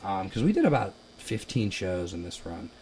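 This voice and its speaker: A young man from Ohio, a musician guest, telling stories in a casual chat, animated and laughing, loudly acting out quotes. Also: low-pitched, moderate pace, slight background noise. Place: basement.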